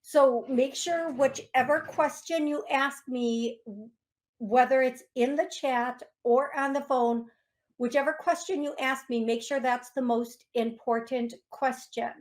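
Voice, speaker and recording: A woman hosting a call-in radio show as a psychic medium, speaking slowly and gently, sometimes getting emotional and reading listeners' messages aloud. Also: high-pitched, fairly even intonation. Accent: Upper Midwest American.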